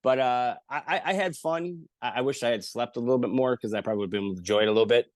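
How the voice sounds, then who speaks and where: A man telling stories in casual chat, lively and profane, acting out the people he quotes. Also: mid-range voice, racing, dry recording. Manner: animated, swearing, acts out quotes in voices. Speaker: podcast guest. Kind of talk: casual storytelling.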